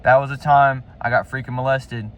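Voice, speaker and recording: A man's voice: medium pitch, steady tone, moderate pace, highs cut off. A man telling a personal story in a casual, rambling way, full of slang fillers and swearing.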